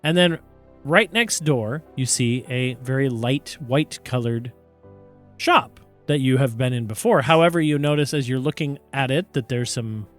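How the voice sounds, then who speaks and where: A man narrating a tabletop game as game master, relaxed with many fillers. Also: mid-range voice, normal speed, faint music behind. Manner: relaxed, lots of fillers and self-corrections.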